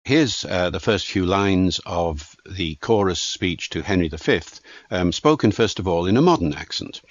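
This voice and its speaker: A man with a very low, deep voice narrates a lesson in a slow, deliberate manner. The sound is dull and somewhat lo-fi, recorded dry with no room echo. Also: expressive. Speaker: presenter. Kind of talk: scripted educational narration.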